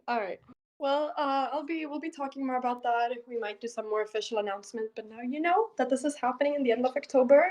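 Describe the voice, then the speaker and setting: A young woman with a high, bright voice talks casually with her stream viewers. She is chatty and laughs often between her words. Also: poor audio. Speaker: chess streamer. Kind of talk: casual live-stream chat.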